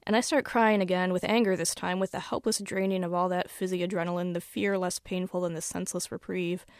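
A woman author reading her own first-person story aloud in a wry, measured storytelling manner. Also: on the low side, fairly even intonation, dry recording, clean studio sound.

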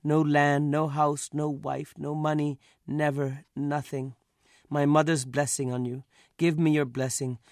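A man's voice: fairly high pitch, level tone, unhurried, a little mellow, no room sound, clean studio sound. A man reading as a weak dying robber. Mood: pleading. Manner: weak, begging. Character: dying desperate male robber, pleading.

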